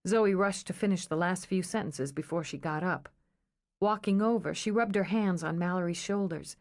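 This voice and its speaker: A woman narrating an audiobook in a measured, storytelling manner. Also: on the low side.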